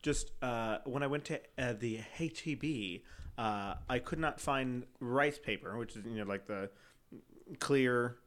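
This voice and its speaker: A man's voice: mid-range voice, a little slow, a bit bright. A man co-hosting a podcast, chatting casually in a playful, rambling way and laughing often. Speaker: podcast co-host. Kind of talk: casual chat.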